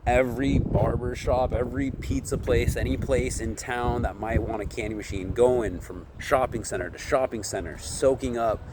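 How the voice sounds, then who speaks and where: Speaking steadily at normal speed with hardly any pauses, this mid-range-voiced man vlogs to camera about his candy vending business amid background noise. He meanders casually, ends most sentences with "right?", and voices quoted dialogue in character.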